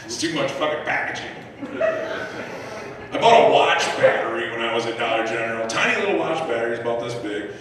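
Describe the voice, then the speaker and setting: A man performing a profane, animated stand-up set on a live comedy club stage, acting out voices and shouting punchlines. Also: medium pitch, a little fast. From United States. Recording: echoey club room recorded from a distance. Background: audience laughter.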